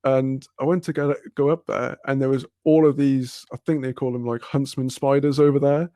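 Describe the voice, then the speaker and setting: A man's voice: medium pitch, level tone, normal speed, mellow, no echo. A man telling a long casual story on a podcast, rambling, swearing and laughing often. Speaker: podcast host.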